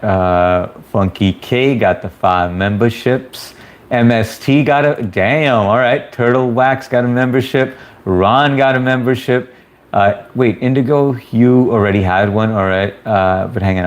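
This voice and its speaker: A man hosting a casual livestream, reading viewer comments aloud and greeting people by name in a laid-back, chummy way. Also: fairly low pitch. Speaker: livestream host.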